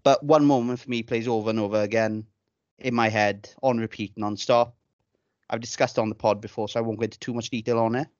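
A man's voice: mid-range voice, steady tone, fast talker, dry recording. Male podcast co-host, casual banter, swears freely; dry, slightly muffled audio. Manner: chatty, swears freely, tells anecdotes with relish.

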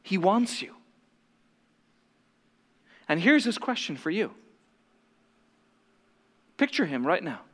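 A man's voice: high-pitched, big pitch swings, slow, pauses often, a bit bright. A male pastor preaching an impassioned, dramatic sermon to a congregation in a large church hall. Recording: long hall reverb.

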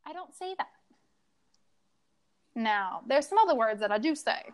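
A young woman co-hosting a podcast, telling lively stories about her toddler and acting out the dialogue. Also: sits high, normal speed. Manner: animated storytelling, acts out dialogue. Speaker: podcast co-host, mother. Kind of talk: casual chat.

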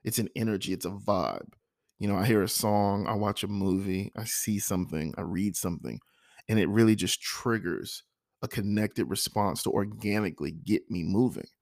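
A man with a low, gravelly voice talks through his own thoughts in an earnest, self-reflective monologue. He circles back and repeats himself for emphasis, and a frog in his throat keeps catching his words. The sound is close and dry, with no room around it. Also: normal speed, a little mellow, dry recording. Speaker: vlogger.

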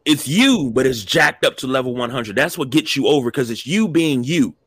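A man co-hosting a casual wrestling talk show, blunt and animated, swearing freely. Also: mid-range voice, moderate pace, breathy edge, no echo. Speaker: podcast co-host.

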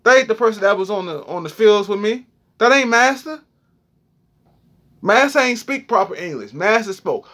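A man's voice: high voice, animated, moderate pace, long pauses, fairly bright tone. A young man giving a heated, profane, preachy freestyle rant monologue.

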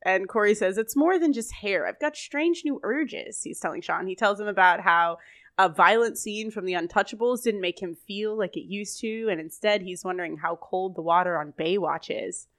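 A woman's voice: mid-range voice, normal speed, a bit bright. A woman co-hosting a podcast, recapping an episode in a chatty way and laughing often. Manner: laughing, chatty storytelling with quoted lines. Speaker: podcast co-host.

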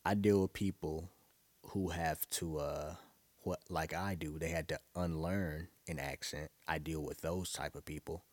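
Very deep-voiced New man, casual monologue. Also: steady tone, unhurried, no room sound. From Brooklyn, New York. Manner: loose, profane, rambling storytelling with frequent laughs.

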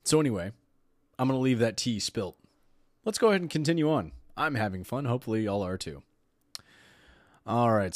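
A man's voice: fairly low pitch, dry recording, studio quality. A man hosting a podcast, talking casually and sarcastically, often laughing while he reads aloud. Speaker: podcast host.

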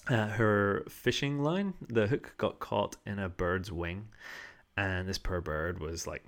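Rambling man telling a story, low voice. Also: a little slow, a bit bright. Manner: rambling, filler-heavy, laughs often. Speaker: podcast host. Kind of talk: casual storytelling monologue. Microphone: studio microphone.

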